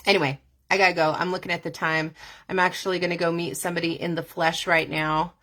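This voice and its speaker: A woman vlogger chatting casually with her viewers, animated and quick to swear and laugh. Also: on the low side. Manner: animated, profane, laughing easily.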